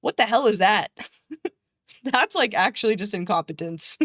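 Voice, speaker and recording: A woman streamer chatting casually with her viewers. She rants in an animated way, swears freely, laughs often and mocks the people she is quoting. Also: mid-range voice, husky, no room sound, studio quality. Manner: exasperated, mocking quoted voices.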